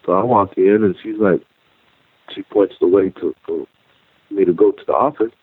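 A man telling his own story as a guest, halting and repeating words as he goes. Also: low-pitched, husky, no echo. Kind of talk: personal storytelling. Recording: tinny phone-like line.

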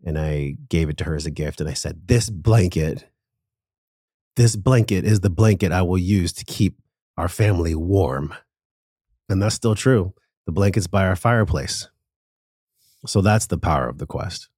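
A man's voice: deep voice, normal speed, pauses often, a little mellow, husky, no echo, studio quality. A man as a podcast guest, telling a personal story in an earnest, emotional, casual way with some swearing.

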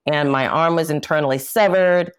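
Woman, low voice, candid interview guest, emphatic and impassioned. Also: moderate pace, clean tone. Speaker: interview guest, jazz singer. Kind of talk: candid personal storytelling.

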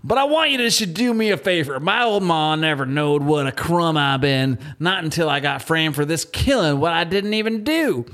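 A man's voice: on the high side, lively intonation, normal speed, hardly any pauses, fairly bright tone. A man putting on a Southern accent to read out a letter from a small-time crook. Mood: pleading. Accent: American Southern.

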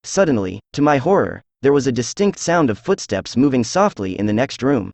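A synthesized male voice narrates a classic story in a steady, measured way. His pitch is middling and the sound is dry and close, with no room around it. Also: creaky, no echo. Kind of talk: audiobook narration.

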